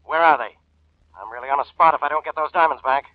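An actor playing a harried, grumpy police inspector who blusters and grumbles, in 1940s radio acting on a muffled old recording. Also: male voice, on the high side, quick pace, lightly acted. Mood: exasperated. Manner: exasperated, blustering.

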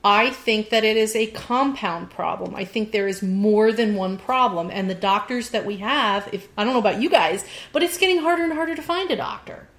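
A middle-aged woman talks in a relaxed, casual chat. She is blunt and opinionated. She leans hard on the points she cares about. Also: mid-range voice, brisk, few pauses.

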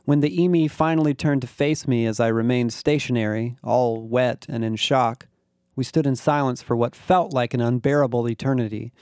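A man narrating a first-person science fiction story in a wry, measured way. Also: mid-range voice, a little mellow, dry recording, studio quality.

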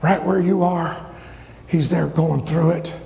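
A man preaching a sermon with fervor, his high voice rough with gravel and often rising to a shout. The sound rings with the long reverb of a large hall, as in a church sanctuary. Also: steady tone, slow, background noise.

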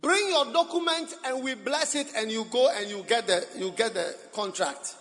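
A man preaching in a very high, bright voice with plenty of gravel in it. His delivery is animated and slow, swinging from low murmurs to shouted exhortation, and the sound rings with long reverb from a large hall. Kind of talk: sermon.

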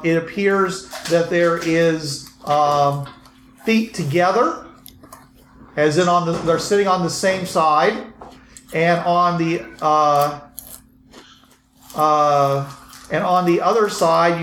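A man narrating a tabletop game as game master, halting with many fillers. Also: on the high side, fairly bright tone. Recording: echoey room with faint noise.

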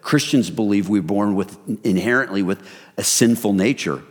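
Low-voiced pastor preaching in a reverberant hall. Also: male voice, moderate pace, breathy edge. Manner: conversational, addresses listeners as "you guys". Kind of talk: sermon.

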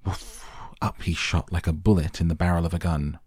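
A man reading a children's book aloud in a measured, expressive way. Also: sits low, slightly rough, no echo, studio quality. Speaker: storyteller.

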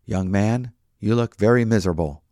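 An emphatic lay preacher, read by a man who keeps repeating his plea to sinners. The voice sits very low and is recorded dry, with no room around it. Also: normal speed, mellow, no echo, lightly acted. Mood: urgent.

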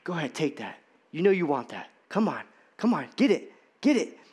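Man playing a sly, wheedling Satan dangling bait, pitched fairly high. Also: sing-song, fairly quick, a little mellow, husky. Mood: coaxing. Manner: coaxing, wheedling.

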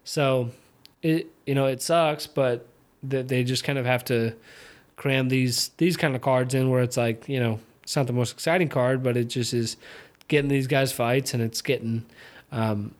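A young male podcast host chats casually by himself during fights, rambling with lots of restarts and filler words. His medium-pitched voice stays steady at a moderate pace, with a slight Southern twang surfacing on country music.

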